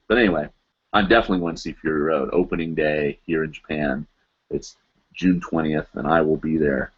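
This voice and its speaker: Low-voiced man rambling on a lo-fi stream. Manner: rambling, many ums and restarts. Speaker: vlog host answering live chat. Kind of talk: casual live-stream chat. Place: apartment. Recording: dull lo-fi webcam audio.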